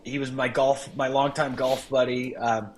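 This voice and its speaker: A man guesting on a casual talk show, easygoing and quick to laugh. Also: medium pitch, flat delivery, a little hiss or hum. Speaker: guest, cigar company representative. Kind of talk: casual chat.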